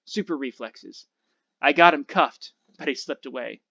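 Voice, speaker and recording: Brisk young woman operative, man reading, terse and cool, bright tone. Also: medium pitch, creaky, no room sound, highs cut off, full character voice.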